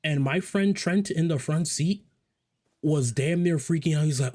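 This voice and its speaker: A man's voice: a little high, a little slow, a little mellow. A man casually telling a personal story to viewers, rambling with profane, joking asides. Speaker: storyteller vlogger.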